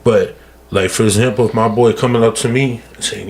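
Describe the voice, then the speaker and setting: A man's voice: fairly low pitch, steady tone, fast talker, a little mellow, husky. A man speaking earnestly as a podcast guest, casual and emphatic, often repeating words and calling people "bro.". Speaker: guest speaker on mental health. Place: podcast studio.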